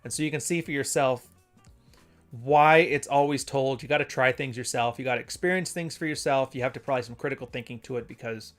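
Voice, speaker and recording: Medium in pitch and a touch bright, a male podcast host rambles conversationally through his casual solo show. He reads passages aloud and often corrects himself along the way.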